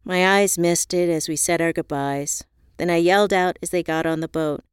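Smooth-voiced woman narrating a novel. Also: lowish voice, normal speed, no echo, clean studio sound. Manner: calm, even storytelling. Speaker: audiobook narrator. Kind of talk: first-person audiobook narration.

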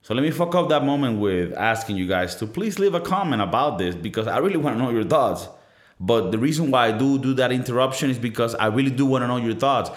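A profane, rambling podcast host in his thirties delivers a casual solo monologue laced with self-mockery. He talks fast and animatedly at a medium pitch, recorded with a roomy echo.

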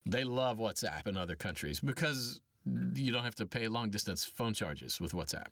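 A man's voice: lowish voice, animated, normal speed, a bit bright, no echo. A man, a voice actor, chatting as a podcast guest, telling stories animatedly and acting out quotes with frequent restarts. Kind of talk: casual podcast conversation.

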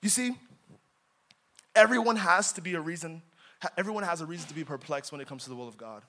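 A young man preaching in a church, his voice sitting high for a man. He leans hard on key words and then drops to quiet, intimate asides, reading scripture with dramatic force. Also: quick pace. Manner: dramatic, swings from loud emphasis to quiet asides. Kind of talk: sermon.

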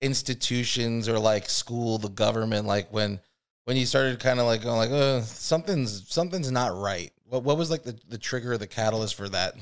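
A man's voice: medium pitch, fairly even intonation, brisk, clear, resonant tone. A man hosting a podcast, telling a story in a casual, rambling, profane way, full of filler words. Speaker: podcast host.

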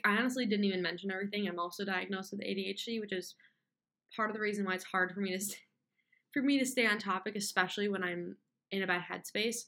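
A young woman holding a casual solo chat in a voice of middling pitch. She rambles, breaks off mid-sentence and restarts, and keeps the tone candid and conversational. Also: steady tone, fast, fairly bright tone. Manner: candid, rambling, with frequent fillers and self-interruptions; mocks complainers with whiny put-on voices. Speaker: podcast host.

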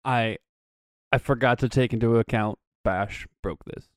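Male player, mid pitch, halting giggly narration, dry close sound. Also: clean tone, dry recording. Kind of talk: casual game chat.

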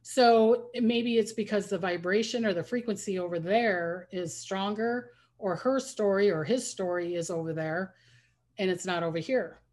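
A woman's voice: mid-range voice, normal speed, darkish tone. A woman psychic medium telling stories in a casual interview, rambling with many restarts. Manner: rambling, restarts often, acts out quoted voices.

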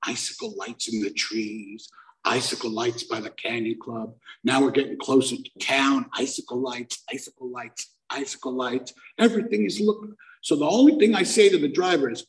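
A man's voice: medium pitch, normal speed, rough recording. A man telling a personal story to a live audience in a conversational, self-mocking way, acting out the voices he quotes.

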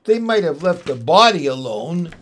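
A man's voice: very animated, normal speed, a bit bright. A man reading aloud and voicing a frightened, grieving young girl with a raised, tearful voice. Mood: sobbing. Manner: high, pleading and tearful.

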